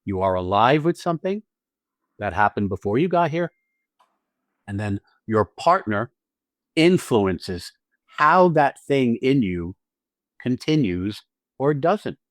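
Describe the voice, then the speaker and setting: A man's voice: mid-range voice, very animated, slow pace, pauses often, no echo, studio quality. A man hosting a podcast as an acting teacher, talking casually and animatedly, swearing freely and acting out little scenes with quoted lines.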